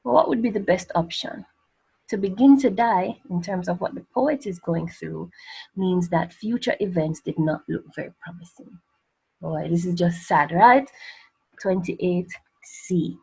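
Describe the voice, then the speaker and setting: A woman teacher explains exam answers in a patient, conversational way. Her voice sits low and has a breathy, husky edge. She keeps posing rhetorical questions and then answering them herself. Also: a little slow, mellow, low-quality recording. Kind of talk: exam revision lesson.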